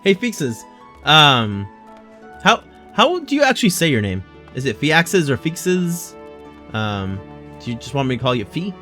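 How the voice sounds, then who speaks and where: Man, game streamer, casual commentary, chatty, medium pitch. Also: big pitch swings, moderate pace, bright, forceful tone, soft background music. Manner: chatty with viewers, many fillers.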